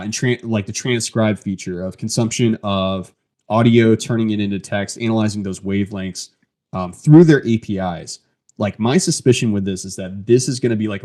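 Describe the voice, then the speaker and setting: A man with a somewhat low voice hosts a casual tech podcast. He talks conversationally, with a few restarts. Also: dark tone. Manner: conversational, reads a post aloud, frequent restarts. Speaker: podcast host.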